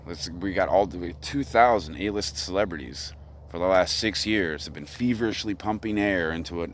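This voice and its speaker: A man's voice: deep voice, background noise. A man delivering an agitated, profane solo rant outdoors on a hilltop. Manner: ranting, profane, agitated monologue.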